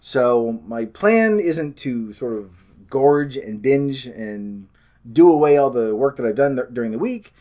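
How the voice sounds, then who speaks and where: Man, casual vlog chat, rambling, self-deprecating, medium pitch. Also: expressive, unhurried, mellow. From Canada. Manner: rambling, self-deprecating, loses his train of thought. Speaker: weight loss vlogger.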